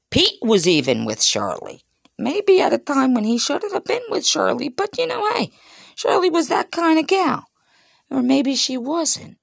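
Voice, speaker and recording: Gravelly, foul-mouthed woman storyteller. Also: mid-range voice, dry recording, studio quality. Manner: crude, chatty, addresses listeners. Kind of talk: casual audio storytelling.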